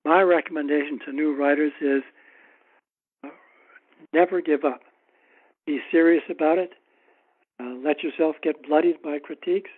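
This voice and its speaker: Male author guest with a slightly high voice, wry and anecdotal, on a tinny phone-like line. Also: fairly even intonation, moderate pace, long pauses. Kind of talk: casual interview storytelling.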